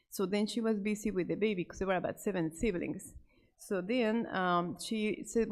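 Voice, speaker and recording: A woman speaking at a middle pitch tells a story to a church class. She talks freely with fillers and restarts and lifts her voice to play the characters. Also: moderate pace. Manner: animated, acts out the quoted characters with raised pitch; many fillers and restarts, unscripted. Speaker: Sabbath School storyteller.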